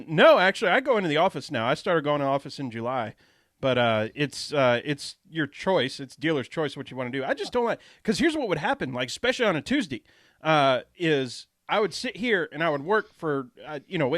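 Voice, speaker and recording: A man's voice: a little high, lively intonation, a little fast, fairly bright tone, no room sound. A man hosting a podcast, telling stories in a laid-back way with lots of fillers. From Atlanta area, US. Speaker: podcast host. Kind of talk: casual podcast chat. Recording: dry close mic.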